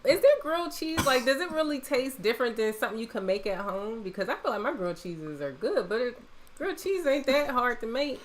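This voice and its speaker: A woman's voice: a little high, lively intonation, fairly quick. A woman hosting a casual livestream from home, chatting, laughing often and reading viewer comments aloud. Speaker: host.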